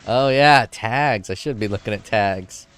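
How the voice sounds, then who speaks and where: A man's voice: fairly low pitch, unhurried, fairly bright tone, smooth. A man streaming a game, chatting casually and rambling through crude jokes.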